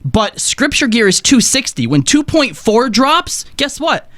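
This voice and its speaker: A man's voice: very high-pitched, sing-song, unhurried, a bit bright, no echo, clean studio sound. A man co-hosting a gaming podcast, arguing his point sarcastically with pointed rhetorical questions. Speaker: podcast co-host. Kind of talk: casual gaming podcast chat.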